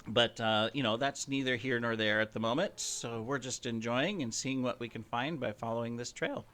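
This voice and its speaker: Man, gameplay commentary host, rambling, chatty, self-mocking bragging, middle-pitched voice. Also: normal speed, fairly bright tone. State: slightly out of breath, coughing. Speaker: gaming channel host.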